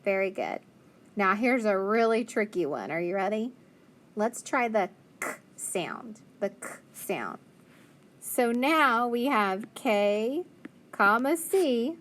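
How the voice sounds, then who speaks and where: A woman's voice: medium pitch, lively intonation, takes it slowly, a bit bright, a little hiss or hum. A woman teaching a phonics spelling lesson, patiently sounding out letters and praising answers.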